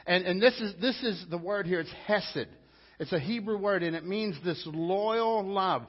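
A man's voice: high voice, unhurried, husky. A male pastor delivering a sermon in an emphatic, conversational way. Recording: lo-fi with long hall reverb.

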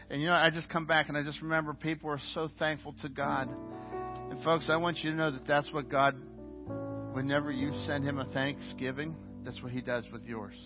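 A man preaching as pastor in a church sanctuary, earnest, often restarting and repeating words. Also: on the high side. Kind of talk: sermon. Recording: dull, muffled sound with faint music.

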